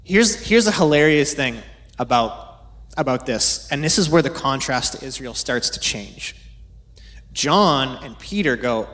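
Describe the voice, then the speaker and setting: A man's voice: mid-range voice, animated, a little slow, a bit bright. Conversational man preaching a sermon. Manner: conversational, acts out voices in quotes. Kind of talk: sermon, Bible teaching.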